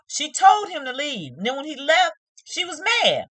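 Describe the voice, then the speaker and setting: A woman's voice: high-pitched, huge pitch swings, moderate pace, a bit bright, no room sound. A woman giving a casual, emphatic recap of a reality show, scolding the people in it and acting out what they said. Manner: emphatic, scolding, retells scenes with acted quotes.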